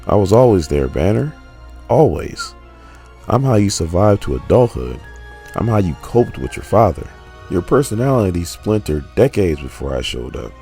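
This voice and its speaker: A man voicing a bitter, defiant grey Hulk while retelling a comic, barely changing his own very deep, gravelly voice. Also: very animated, normal speed, warm tone, soft background music. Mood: resentful.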